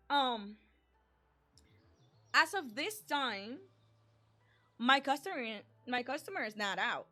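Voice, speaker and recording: High-voiced woman streamer, animated storytime, acts out bits, lots of "like". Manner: animated, acts out dialogue, frequent "like". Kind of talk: casual storytime.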